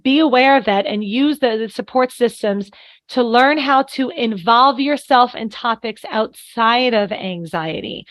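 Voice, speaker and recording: A woman's voice: mid-range voice, no echo. A middle-aged woman coaching on anxiety, chatting earnestly on a podcast and telling stories with quoted lines. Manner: earnest, explains with anecdotes and acted-out quotes. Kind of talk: casual podcast conversation.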